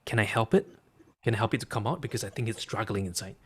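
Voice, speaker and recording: A man voicing an anxious, excited little boy in a told story, speaking high and eager. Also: quick pace, slight background noise, close to an everyday voice. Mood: pleading.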